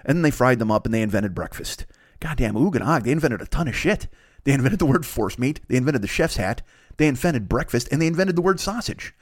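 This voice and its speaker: A man's voice: medium pitch, expressive, quick pace. A man hosting a comedy podcast, improvising a rambling, profane story. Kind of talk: improvised comic rant.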